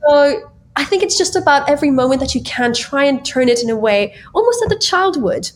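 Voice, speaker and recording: A woman's voice: high voice, very animated, fairly quick. A woman guest on a podcast, chatting casually and lightheartedly, laughing often between many fillers. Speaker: guest, tech founder.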